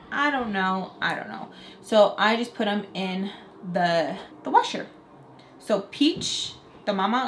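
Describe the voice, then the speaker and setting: A woman's voice: medium pitch, a little hiss or hum. A young adult woman telling a casual storytime vlog, chatty, full of "like" fillers, acting out quotes. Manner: chatty, heavy "like" fillers, animated quoting. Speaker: storytelling vlogger.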